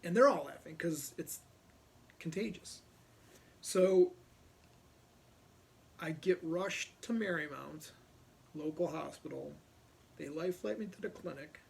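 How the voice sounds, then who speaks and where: A man's voice: a little high, slow, creaky, long pauses. A middle-aged man from Ohio, a police officer, casually telling a personal story and animatedly acting out other people's lines.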